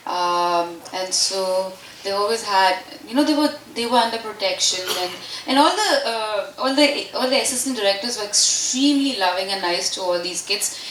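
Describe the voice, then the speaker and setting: A woman speaking casually at a press meet, animated and chatty, answering questions with frequent laughter. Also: medium pitch, moderate pace, slight background noise. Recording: echoey hall from far off.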